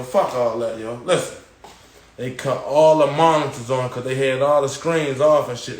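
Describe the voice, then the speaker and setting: A man casually telling a long story on a live stream, dropping "yo" and "boom" as he goes and acting out the voices of others. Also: reverberant, slight background noise. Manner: animated retelling, acting out quoted guards and inmates with raised pitch; slangy, repeats "yo" and "boom". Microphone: phone.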